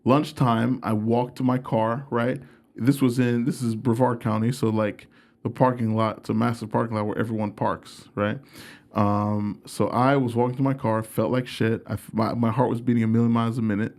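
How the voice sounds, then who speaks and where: A man's voice: mid-range voice, level tone, moderate pace, darkish tone. A young man, a comedian guest, telling stories in a casual, profane, self-mocking way. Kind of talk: casual storytelling.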